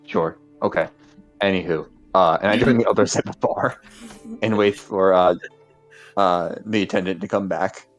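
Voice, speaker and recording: A man's voice: low voice, fairly even intonation, moderate pace, soft background music. A man playing a tabletop game in casual chat, dry and full of restarts. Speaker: player.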